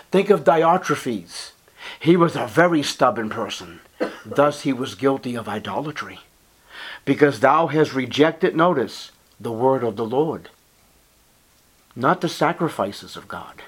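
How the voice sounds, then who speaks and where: A man preaching a sermon, reading scripture in old-fashioned wording and pleading with his listeners, his voice dropping to a hush and then rising to ringing emphasis. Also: medium pitch, lively intonation, measured pace, slightly rough. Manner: swings from hushed to ringing emphasis; pleading, urgent appeals to listeners.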